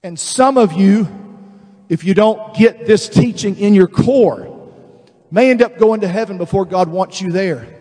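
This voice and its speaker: A male pastor preaching a sermon, animated and emphatic, acting out voices of the people he describes. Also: high-pitched, unhurried, big-room sound. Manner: animated, acts out quoted voices, builds to emphatic declarations.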